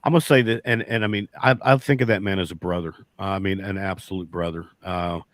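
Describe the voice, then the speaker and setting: A man's voice: deep voice, fairly even intonation, a little fast, dry recording. A man, a beekeeper guest telling a long folksy story in casual chat, rambling and restarting often.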